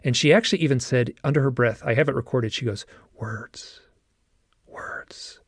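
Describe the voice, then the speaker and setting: A man's voice: mid-range voice, fast talker, slightly rough, no room sound, studio quality. A man hosting a conversational interview, telling an earnest story with many fillers. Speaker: podcast host.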